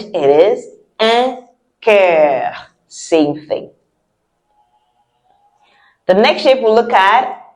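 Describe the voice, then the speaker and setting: A woman teaching French words to children in a playful, coaxing, repeat-after-me style. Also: fairly low pitch. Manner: playful, sing-song, coaxing. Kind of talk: kids' repeat-after-me lesson.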